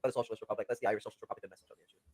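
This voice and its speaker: Fast lecturing man, dry close sound. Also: lowish voice, steady tone, darkish tone, slightly rough, no echo. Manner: lecturing, swearing, quick. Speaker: stream co-host discussing politics. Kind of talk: casual political discussion.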